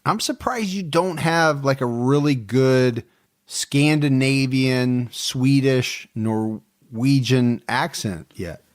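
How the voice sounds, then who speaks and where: A man's voice: mid-range voice, slow pace. A man co-hosting a true crime podcast, chatting casually and teasing his co-host, often laughing.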